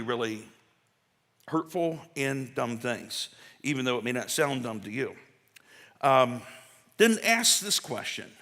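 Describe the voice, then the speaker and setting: Guy preaching casual-like, lots of asides, sharp bright voice, echoey big church. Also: mid-range voice. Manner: folksy, storytelling, many asides and restarts. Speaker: pastor. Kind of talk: conversational sermon. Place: church sanctuary. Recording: long church hall reverb.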